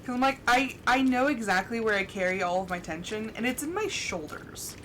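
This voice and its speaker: A woman's voice: a little high, animated, fairly quick, fairly bright tone, a little hiss or hum, low-quality recording. A young woman streamer chatting casually while she plays a game. She laughs often and acts out her own thoughts. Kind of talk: casual chat while gaming. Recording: game music playing behind. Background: background music.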